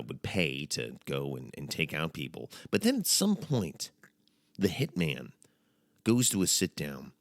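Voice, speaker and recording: A man's voice: very deep voice, no echo, clean studio sound. A man hosting a casual comedic monologue, talking in a jokey, mock-dramatic way with playful asides. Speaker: podcast host.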